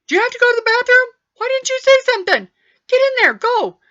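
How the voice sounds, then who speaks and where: A shrill, impatient mother barks hurried orders at her little boy, as a woman storyteller puts her on. Her voice jumps high and loud, and the webcam sound is dull and lo-fi. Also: very animated, full character voice. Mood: scolding. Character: impatient mother shouting at her small son.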